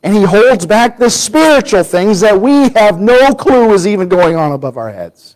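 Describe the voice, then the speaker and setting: Man preacher, higher voice, lively sermon delivery that swings between raised quotes and quiet emphasis. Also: moderate pace, poor audio. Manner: animated storytelling, acting out quoted voices, drops to a near-whisper for emphasis.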